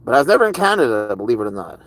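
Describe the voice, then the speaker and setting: A man chats casually on a live stream, reading and answering his viewers' comments. He talks in a loose, rambling way and sounds curious about the people he is talking to. His pitch sits in an ordinary middle range. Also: big pitch swings, racing, low-quality recording.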